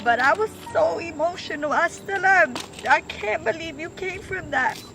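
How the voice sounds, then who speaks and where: High pitched young woman, all emotional and proud, music playing. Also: lively intonation, normal speed, creaky, distant mic. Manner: emotional, heartfelt, gushing. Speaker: vlogger, wife. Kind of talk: casual chat.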